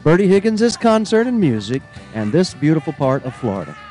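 A man's voice: on the high side, big pitch swings, brisk, darkish tone, soft background music. A man hosting a live broadcast from an old theater, chatting with enthusiasm and lots of fillers. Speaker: broadcast host. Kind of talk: casual live broadcast chat.

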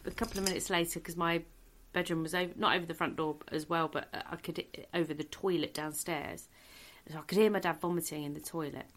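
Speaking fast in a low-pitched voice, a middle-aged comedian on a podcast shares a comic story. She tells it with lively energy and laughs her way through it.

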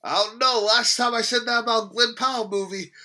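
A man's voice: very high voice, steady tone, fairly quick, bright, forceful tone. A man co-hosting a movie podcast, chatting casually and laughing often as he teases his friend. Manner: giggly, teasing. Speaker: podcast co-host. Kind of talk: casual chat.

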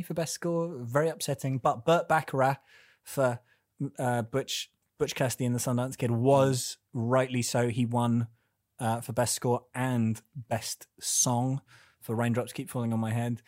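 A man's voice: mid-range voice, fairly even intonation, unhurried, darkish tone, no echo, clean studio sound. A man hosting a casual film discussion, chatty and playful, prone to tangents.

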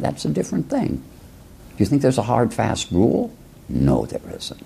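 A man's voice: lowish voice, huge pitch swings, normal speed, vocal fry, dark tone, husky. A man from rural Illinois, a philosophy professor, musing aloud in a reflective lecture-style talk full of rhetorical questions and asides. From rural Illinois, USA.

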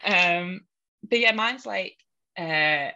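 Bright-voiced woman with a Hull accent. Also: lowish voice, extremely slow, dull audio. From Hull, England. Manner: chatty, laughs often, wry self-mocking. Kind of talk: casual chat.

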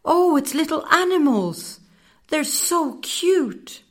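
A woman's voice: high voice, animated, slow pace, pitched above the performer's own voice. A woman voicing a frightened, curious young girl in a children's story, wide-eyed and pleading. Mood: anxious.

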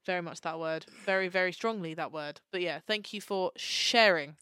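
Smooth-voiced woman, bubbly podcast co-host. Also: lowish voice, normal speed, pushed and bright, no room sound, studio quality. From Australia. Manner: bubbly, giggly, emphatic. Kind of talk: casual chat.

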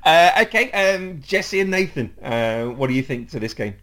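A man's voice: on the high side, animated, moderate pace, fairly bright tone. A man hosting a casual football podcast, laughing often and using plenty of fillers. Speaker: podcast host.

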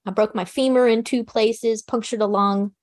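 A woman recounting a personal survival story in an interview, speaking in a calm, practical, matter-of-fact way with casual fillers. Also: a little high, moderate pace. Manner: plain conversational fillers like "you know" and "like". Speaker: interview guest.

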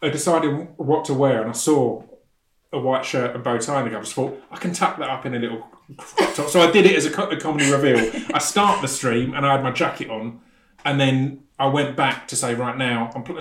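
A man's voice: mid-range voice, brisk, a bit bright, echoey room. A man talking casually as a podcast guest, with a stammer that catches on the first sounds of words. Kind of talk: casual chat.

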